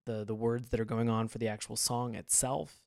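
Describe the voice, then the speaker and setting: A man co-hosting a podcast in casual chat, rambling and animated, laughing often. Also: mid-range voice, a little fast, creaky, no room sound, studio quality. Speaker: podcast co-host.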